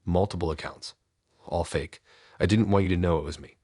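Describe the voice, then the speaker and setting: A man's voice: deep voice, a little fast, a little mellow, husky, no echo, studio quality. A man reading a sweetly obsessive young woman stalker. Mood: eerily proud.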